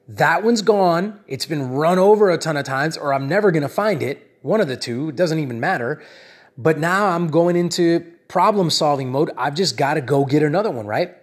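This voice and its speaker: A man telling a personal story that turns into a lesson, talking in an animated, rambling way and often checking in with "right?" and "you know?". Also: a little high, normal speed, husky. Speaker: speaker addressing his audience.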